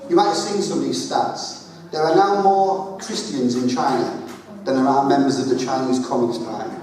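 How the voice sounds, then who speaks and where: A man's voice: mid-range voice, normal speed, a little mellow. A man preaching a chatty, emphatic sermon full of jokes, in a large church hall. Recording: echoey hall, voice from far off.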